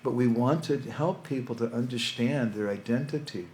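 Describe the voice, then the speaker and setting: A man's voice: medium pitch, moderate pace, a little mellow, slight background noise. A man giving a conversational spiritual talk to young people, telling stories with casual asides. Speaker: monk lecturer. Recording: echoey hall with faint ambience.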